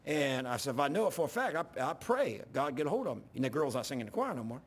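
Husky preacher telling stories. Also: male voice, medium pitch, very animated, fast talker. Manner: folksy storytelling, rising to yelling when worked up. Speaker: pastor. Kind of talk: sermon. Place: church sanctuary.

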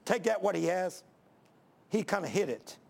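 A man's voice: sits high, expressive, normal speed, vocal fry, darkish tone. An older man preaching a sermon in church, emphatic, folksy and repetitive, driving home each point. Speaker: pastor.

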